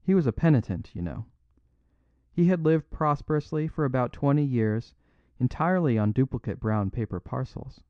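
A man's voice: medium pitch, lively intonation, moderate pace, no echo, dull audio, pitched above the performer's own voice, close to an everyday voice. Father Brown, a man reading a mild little priest. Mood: mild apologetic. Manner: simple, unaffected, gently apologetic. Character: mild, modest little English priest, apologetic.

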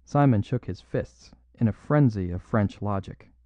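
A man narrating a classic story in a measured, low-key way. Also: mellow, no room sound. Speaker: audiobook narrator. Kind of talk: scripted narration. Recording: dull lo-fi dry recording.

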